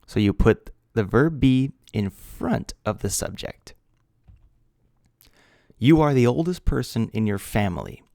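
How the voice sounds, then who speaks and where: A man teaching an English grammar lesson, speaking slowly and deliberately, spelling out letters and repeating key words. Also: medium pitch, sing-song, gravelly, mellow, no echo, clean studio sound. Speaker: ESL teacher.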